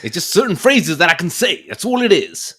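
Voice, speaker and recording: A man with a fairly high, very animated voice co-hosts a podcast. He jokes about himself in a playful way and swings up and down in pitch. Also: brisk, husky. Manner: playful, self-mocking. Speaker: podcast co-host. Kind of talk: casual chat.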